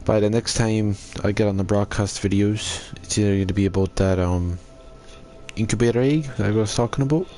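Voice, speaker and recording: A man hosting a gaming channel, talking through a casual game recap in a relaxed, rambling way with hesitant fillers. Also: lowish voice, fairly quick, soft background music.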